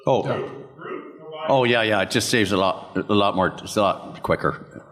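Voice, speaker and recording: An older man with a fairly low voice tells long, rambling showbiz anecdotes at a convention panel. He slips into other people's voices as he tells them. The sound carries the long echo of a big hall. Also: measured pace, fairly bright tone. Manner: rambling anecdotal, acts out others' lines and laughs. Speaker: voice actor, convention panel guest.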